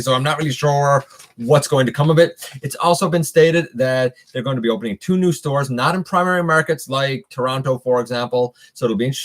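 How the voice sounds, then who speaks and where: A middle-aged man hosting a casual live stream, chatting loosely with viewers and reading their comments, with many fillers and restarts. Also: mid-range voice.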